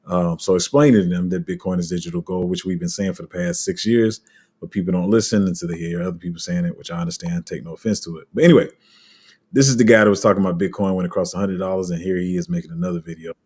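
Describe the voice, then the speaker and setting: A man's voice: low-pitched, fairly even intonation, fast talker, darkish tone, breathy edge. A man giving casual livestream commentary on crypto, rambling and chatting with his viewers. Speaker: crypto streamer.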